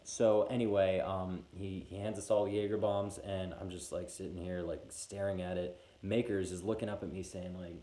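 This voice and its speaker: A man's voice: low voice, normal speed, hardly any pauses. Young man telling a comic story. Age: 20s. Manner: animated, acts out every voice in the story. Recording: echoey room.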